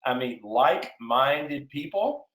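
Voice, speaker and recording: A man giving a sales webinar in an energetic, excitable way, getting wound up and then reining himself in. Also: mid-range voice, slow, echoey room, rough recording. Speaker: sales trainer hosting a webinar.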